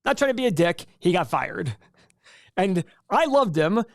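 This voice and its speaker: A man's voice: high voice, very animated, measured pace, dry recording, clean studio sound. A man hosting a casual live stream and answering viewer questions in a chatty, rambling way with frequent restarts. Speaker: livestream host.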